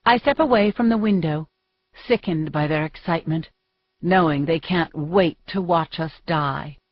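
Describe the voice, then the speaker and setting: A woman narrating an audiobook in first person, with measured, steady storytelling. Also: sits low, no room sound. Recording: dry, dull muffled recording.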